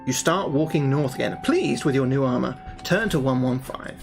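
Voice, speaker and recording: A livestreamer reading a fantasy gamebook aloud pauses often for casual, swear-heavy chat with his viewers. His medium-pitched voice is expressive and gravelly, at a moderate pace, with faint music behind.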